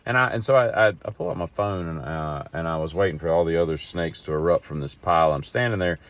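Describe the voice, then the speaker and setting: A man's voice: low voice, fast talker. A middle-aged man, talking in a rambling, wry monologue as a podcast host. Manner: digressive storyteller, wry and exasperated.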